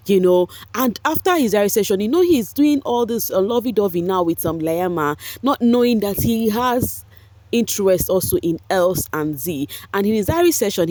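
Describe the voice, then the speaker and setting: A woman's voice: lowish voice, no room sound. Chatty woman gossiping to viewers. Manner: animated, laughs often, drops pidgin exclamations. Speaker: reality-show commentary vlogger.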